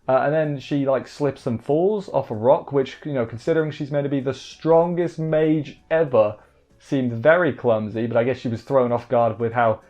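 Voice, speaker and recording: A man's voice: mid-range voice, fairly even intonation, normal speed, darkish tone. A man recapping an anime episode in a casual, rambling way, wry and full of fillers and restarts. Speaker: anime reviewer. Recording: dull lo-fi mic with faint music.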